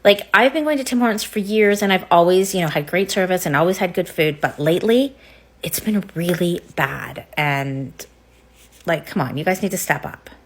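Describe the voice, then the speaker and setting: Frustrated woman airing a complaint. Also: lowish voice. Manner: frustrated, halting, with fillers. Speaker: customer. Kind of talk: casual complaint vlog.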